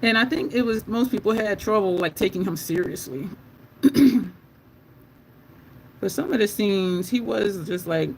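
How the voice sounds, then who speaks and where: A woman's voice: mid-range voice, expressive, unhurried, gravelly, pauses often, a little mellow, slight background noise, poor audio. A woman beauty vlogger in casual chat while doing her makeup, answering viewer comments and laughing often.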